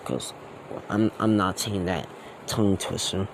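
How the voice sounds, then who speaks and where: A man's voice: deep voice, unhurried, gravelly, noisy background. A man telling a fan-made story off the cuff, rambling and slangy, with many fillers and restarts. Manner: slangy and casual.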